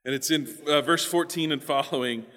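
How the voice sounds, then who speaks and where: A male pastor giving an emphatic sermon, often repeating words, moving between quiet asides and loud stresses, with long hall reverb. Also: a little high, fairly quick.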